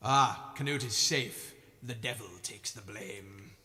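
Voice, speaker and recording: A man's voice: mid-range voice, takes it slowly, sharp tone, long reverb tail. A man musician chatting casually on his live stream, playful and rambling, tripping over his words.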